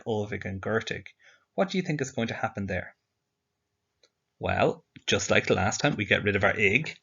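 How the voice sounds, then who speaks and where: A man's voice: fairly low pitch, creaky, fairly bright tone, husky. A male teacher giving a slide-based language lesson, explaining patiently step by step and asking the learner questions. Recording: dull lo-fi audio.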